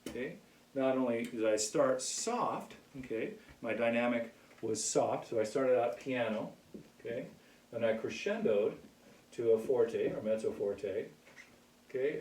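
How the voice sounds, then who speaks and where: A man teaching a casual music lesson in a relaxed way, often checking in with "okay?". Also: mid-range voice. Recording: echoey room, mic far off.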